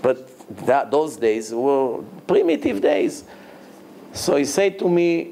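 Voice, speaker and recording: Man, rabbi, Torah lecture, lively delivery, fairly high voice. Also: slow, vocal fry, a little hiss or hum. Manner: animated, acts out quoted dialogue in a raised voice; non-native English with grammar slips.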